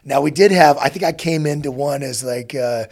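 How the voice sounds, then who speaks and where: A middle-aged man hosting an interview podcast, talking in a relaxed, halting way with many restarts. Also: medium pitch, vocal fry. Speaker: podcast host. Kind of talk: conversational interview.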